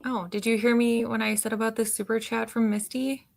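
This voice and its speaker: A woman's voice: on the high side, level tone, fairly quick, gravelly. A woman from Wisconsin, a guest on a livestream, chatting in a playful way. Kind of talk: casual chat.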